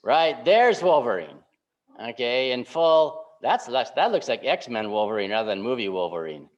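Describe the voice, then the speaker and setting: A man giving a sermon as a pastor, speaking informally and often checking in with a quick "right?". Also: mid-range voice, big pitch swings. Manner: informal, keeps asking "right?" to check in with listeners. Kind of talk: conversational sermon. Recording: dull lo-fi recording.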